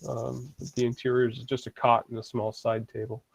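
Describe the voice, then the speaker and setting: A man narrating as dungeon master over an online game, halting and full of fillers. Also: medium pitch, level tone, gravelly, husky, no room sound, muffled recording. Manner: hesitant, halting descriptions with many fillers.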